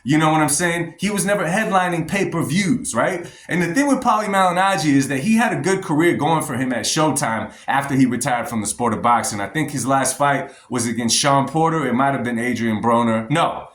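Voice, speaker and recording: A man's voice: medium pitch, fairly quick, few pauses, a bit bright. A man giving blunt, emphatic opinions in a commentary vlog, talking straight to his viewers. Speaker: boxing vlogger. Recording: roomy echo.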